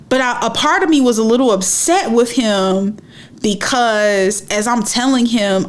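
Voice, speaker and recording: A young woman retelling a personal story in a casual, animated way, stressing and repeating her phrases. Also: on the high side, unhurried.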